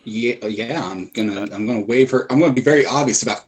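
A man playing a tabletop role-playing game over voice chat, talking in an animated way, sometimes dropping to a hush. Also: medium pitch, fast talker, poor audio. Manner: animated, hushed at times. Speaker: player.

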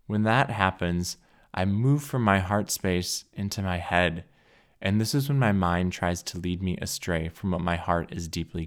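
A young man with a very low voice talks through a solo podcast episode. His delivery is earnest, heartfelt and measured. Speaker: podcast host. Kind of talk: reflective solo podcast monologue.

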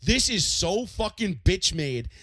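High, lively, profane sports-ranting man. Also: takes it slowly, no echo. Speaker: podcast co-host. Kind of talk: casual sports chat.

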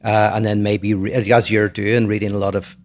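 A man's voice: lowish voice, little pitch movement, normal speed. A man co-hosting a podcast, chatting casually with dry, teasing remarks and thoughtful opinions. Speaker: podcast co-host. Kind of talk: casual chat.

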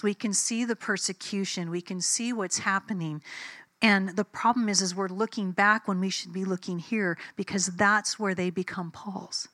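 A woman's voice: mid-range voice, fairly bright tone, no echo, clean studio sound. A woman preacher giving a sermon in a conversational, emphatic way, telling personal stories and acting out the dialogue.

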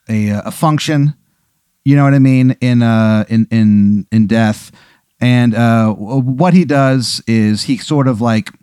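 A man narrates a tabletop story as game master. He rambles and swears, and his pitch swings widely as he goes. The voice sounds close and dry. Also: clean tone, no echo. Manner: animated, rambling, profane narration.

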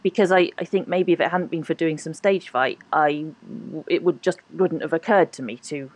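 Speaking at a moderate pace in a low-sitting voice, a woman with a posh accent chats animatedly as a podcast guest. The casual interview finds her laughing often and hedging what she says.

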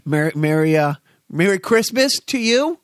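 A podcast host, an American man, talks in a rambling, joking way, full of swearing and stammered restarts. His voice is a bit higher than most men's and swoops up and down a lot. The sound is close and dry. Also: very animated, moderate pace, clean tone, no room sound. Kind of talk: casual chat.

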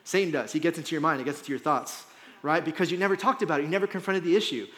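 A male pastor preaches a sermon in a church hall, keeping it conversational and frequently checking in with "right?" and "like." His voice sits a little high, moves at a racing pace, and has a fairly bright tone.

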